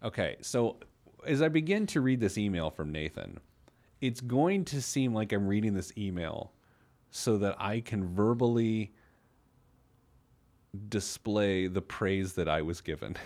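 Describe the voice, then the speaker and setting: A man's voice: on the low side, animated, unhurried, a little mellow. A man hosting a casual radio talk show about money, playful and self-mocking, laughing often. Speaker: financial radio show host.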